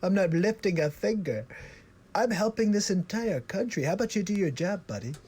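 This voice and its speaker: A man's voice: high-pitched, expressive, moderate pace, a little mellow, breathy edge. A man doing an impression of a boastful male president calling into a show, bragging and repeating himself.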